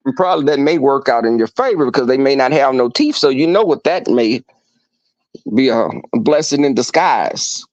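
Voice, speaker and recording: A man's voice: mid-range voice, normal speed, no echo. A man hosting a casual livestream chat, telling profane, campy stories to his viewers from home. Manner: animated, profane, campy storytelling. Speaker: livestream host. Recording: dull lo-fi dry sound.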